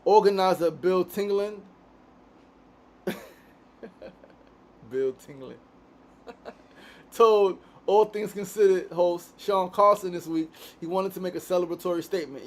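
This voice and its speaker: Sitting fairly high in pitch, this man talks unhurriedly and leaves long pauses, with a little background noise in the clip. He's a Queens, New York native hosting a casual daily studio show, easygoing in manner, quick to swear, and fond of tagging sentences with "right?"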